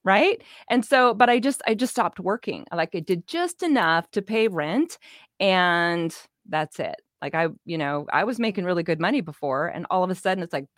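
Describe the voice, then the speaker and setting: Lively low-voiced woman telling her story. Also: normal speed, no room sound, studio quality. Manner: animated, acts out quoted dialogue, laughs often. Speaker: interview guest, business owner. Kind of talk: casual storytelling.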